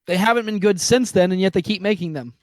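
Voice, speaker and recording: Podcast co-host, casual argumentative chat, quick bursts, dry close voice-chat sound. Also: mid-range voice, no echo. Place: home, talking over an online voice call. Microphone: computer mic on a voice chat app.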